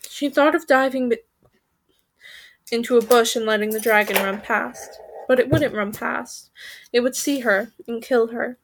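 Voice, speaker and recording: A woman's voice: fairly high pitch, unhurried, background noise. A woman reading a children's fantasy story aloud, voicing the characters and stopping to correct her own slips.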